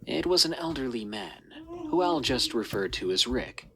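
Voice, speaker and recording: Gravelly man reading a horror story. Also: mid-range voice, animated, moderate pace, sharp tone, poor audio. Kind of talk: scripted horror story narration.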